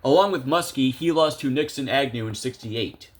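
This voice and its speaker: A man's voice: medium pitch, normal speed, background noise. A young man commentating a video game casually, chatty and self-amused, thinking aloud with lots of fillers. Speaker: gameplay video creator.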